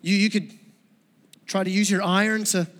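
High-voiced man preaching in a reverberant hall. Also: steady tone, normal speed, a bit bright. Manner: conversational, joking, asks the audience questions. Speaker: pastor. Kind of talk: sermon. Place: church sanctuary.

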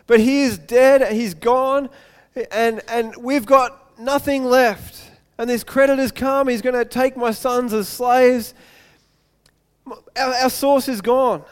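A man's voice: extremely high pitch, steady tone, slow, clear, resonant tone, in a large hall, voice pushed up. A man voicing a grieving widow who pleads for help, repeating herself. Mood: desperate.

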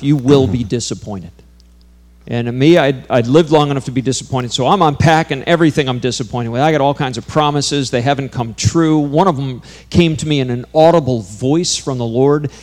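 A man's voice: mid-range voice, normal speed, darkish tone. A man preaching a sermon, telling a personal story in an earnest way that builds to intense, emphatic peaks.

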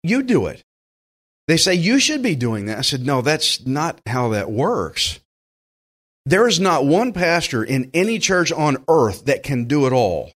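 A man with a Southern US accent preaching a sermon as pastor, folksy and animated, acting out the voices of the people he quotes. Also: a little high, unhurried.

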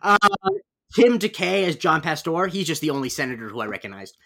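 A man hosting a podcast, reviewing a film in casual chat and running through the cast with quick asides. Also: a little high, sing-song, gravelly, sharp tone. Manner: chatty, lists cast members with asides. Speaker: podcast host.

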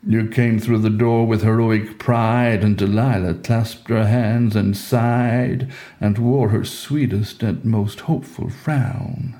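Slow, mellow-voiced male storyteller. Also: lowish voice, level tone. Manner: measured, solemn delivery. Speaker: narrator. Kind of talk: poetic story reading.

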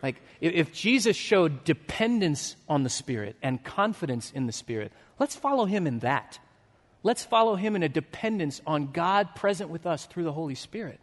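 Animated, high-voiced pastor in a reverberant hall. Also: male voice, moderate pace. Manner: storytelling, swinging from animated to hushed and earnest. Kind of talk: sermon.

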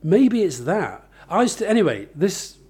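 A man's voice: sits high, sing-song, measured pace, dark tone, slightly rough. A man, interviewed about his book, explaining his ideas thoughtfully with examples and frequent restarts. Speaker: author and interviewee. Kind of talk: conversational interview.

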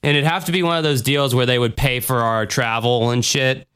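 A man's voice: mid-range voice, fairly even intonation, brisk, a bit bright, clean tone. A man hosting a podcast in loose casual chat, rambling and swearing freely. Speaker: podcast host.

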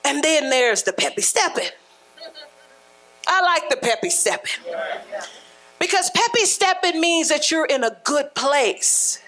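Woman preacher, high-pitched, colloquial, punchy sermon delivery that swells to shouting. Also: lively intonation, unhurried, pauses often, low-quality recording. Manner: emphatic, rising to shouts, colloquial and conversational.

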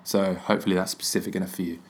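A man's voice: low voice, flat delivery, racing. A man, hosting a podcast alone, rambling and self-deprecating with jokey asides. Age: 20s. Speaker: podcast host. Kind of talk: solo comedic podcast rambling.

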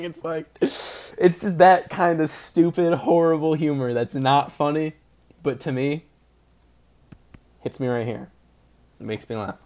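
A man's voice: a little high, unhurried, long pauses, a little mellow. A young man hosting a podcast, chatting casually, rambling through jokes and laughing often. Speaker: podcast host. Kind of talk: casual chat.

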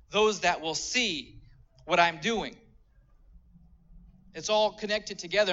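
A man's voice: high-pitched, sharp tone, highs cut off. A man preaching a sermon, earnestly explaining scripture step by step. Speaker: pastor.

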